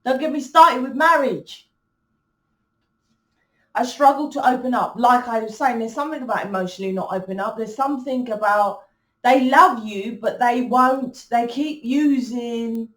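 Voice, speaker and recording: A woman's voice: a little high, normal speed, a bit bright, roomy sound, recorded from a distance. A woman giving a spiritual reading to her viewers, blunt and emphatic, swearing freely. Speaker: spiritual reader. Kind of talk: casual monologue to viewers.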